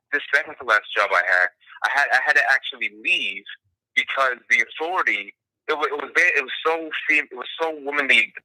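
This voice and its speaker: Halting man on a tinny call line. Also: medium pitch, sharp tone, dry recording. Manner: halting, fills with "you know". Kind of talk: casual chat.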